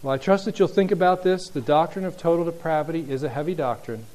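A man preaching a sermon, reading scripture and acting out the speakers, then growing soft and low at the end. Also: quick pace. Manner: animated, acts out voices in quotes, drops soft and low near the end. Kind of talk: sermon, Bible teaching.

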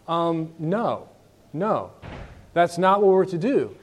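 A man's voice: a little high, very animated, takes it slowly, pauses often. Man teaching a Bible class. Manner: conversational, asks the class questions.

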